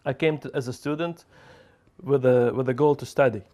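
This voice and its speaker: A man from Lithuania speaking haltingly in a casual interview, with frequent pauses and fillers. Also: mid-range voice, steady tone, dark tone.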